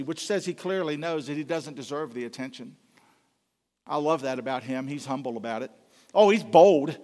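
A man preaches with passion, his high voice rising to loud pleading and dropping to hushed, low tones. The sermon rings out with long reverb, as if in a large church hall.

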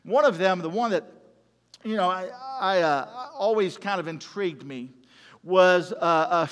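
Male pastor, high-pitched, animated sermon delivery, long reverb. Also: a little slow. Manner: animated preaching, acts out quotes, swings loud and soft.

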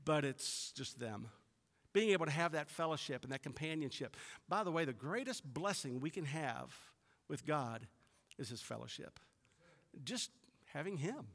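A middle-aged man preaching a sermon, building to emphatic peaks and then dropping soft and low. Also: animated, normal speed, creaky. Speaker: pastor. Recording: long reverb of a large hall.

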